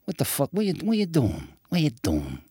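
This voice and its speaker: A man's voice: on the high side, wildly swooping pitch, moderate pace, warm tone, breathy edge, no room sound, clean studio sound, exaggerated voice. A man doing an impression of an aggressive New film tough guy who keeps repeating himself confrontationally. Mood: menacing. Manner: repetitive, confrontational, mumbling.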